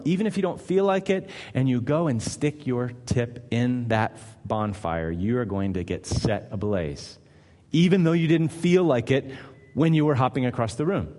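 A pastor preaching a conversational sermon that builds to emphatic repetition. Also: male voice, fairly low pitch, a little mellow. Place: church sanctuary. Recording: long hall reverb.

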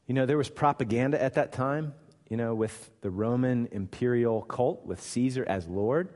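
A man preaching a sermon, acting out the Bible's dialogue with bursts of loud emphasis. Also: mid-range voice, moderate pace. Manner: animated, acts out scripture dialogue with sudden loud emphasis. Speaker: pastor. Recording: long hall reverb.

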